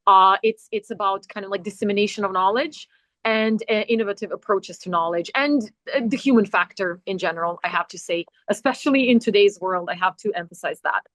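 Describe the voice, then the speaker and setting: A woman's voice: mid-range voice, fairly quick, fairly bright tone, dry recording. A woman academic introducing herself on a video call, talking in a hesitant way with many fillers and restarts. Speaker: academic guest. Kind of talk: webinar introduction. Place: traveling, quiet corner with faint music.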